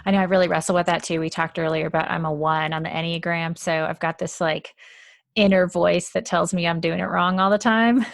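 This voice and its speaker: A woman's voice: lowish voice, steady tone, brisk, creaky, no room sound, clean studio sound. A woman hosting a podcast, asking questions and sharing thoughts in a reflective, searching way. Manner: reflective, searching, many fillers like "like". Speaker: podcast host. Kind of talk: casual interview chat.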